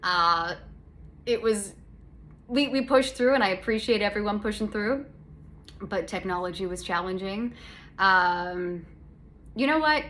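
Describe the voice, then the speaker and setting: A woman's voice: mid-range voice, expressive, measured pace, long pauses, fairly bright tone. A young adult woman from Canada, hosting a casual solo podcast chat in a sarcastic, rambling way with lots of self-corrections. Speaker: podcast host. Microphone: phone.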